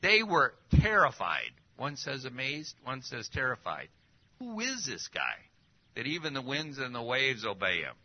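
A man preaching a sermon, full of rhetorical questions and swinging between loud and hushed. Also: mid-range voice, measured pace. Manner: lively, rhetorical questions, drops to near-whispers. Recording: dull lo-fi recording.

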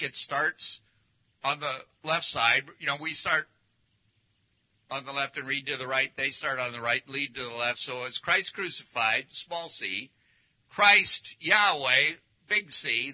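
A man preaching a casual teaching sermon, folksy and anecdotal, talking through slides as he goes. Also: fairly high pitch. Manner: folksy, anecdotal, speaks while showing slides. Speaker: pastor. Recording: dull lo-fi recording.

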